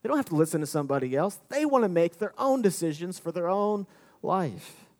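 A man preaching a sermon, acting out the voices of the people he quotes, with big shifts in pace and loudness. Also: high-pitched, big pitch swings, brisk. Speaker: pastor.

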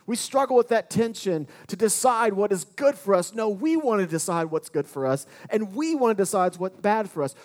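A man preaching a sermon, acting out the voices of the people he quotes, with big shifts in pace and loudness. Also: high-pitched. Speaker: pastor.

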